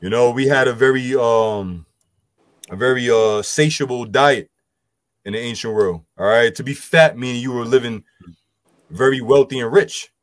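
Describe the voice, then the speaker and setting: A man's voice: medium pitch, moderate pace, no echo. A man, loosely explaining scripture and health to a group with lots of "you know" fillers. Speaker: group discussion speaker. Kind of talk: casual scripture teaching.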